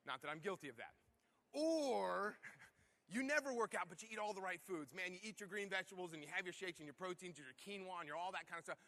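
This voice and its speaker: A man's voice: sits high, quick pace, sharp tone. A man giving a motivational keynote talk to a conference audience, firing off punchy rhetorical questions. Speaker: conference speaker.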